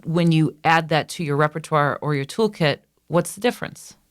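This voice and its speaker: Brief: very low-voiced woman coach, measured and probing, dry close sound. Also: no room sound. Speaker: podcast co-host and coach. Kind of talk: interview questions.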